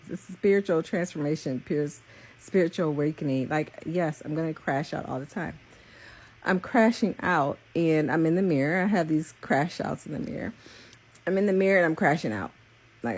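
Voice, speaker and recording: A woman's voice: low-pitched, moderate pace. A young adult woman, a psychic reader and spiritual coach, gives an earnest, rambling, openly emotional spiritual message in casual confessional talk. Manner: earnest, rambling and repetitive, with many fillers.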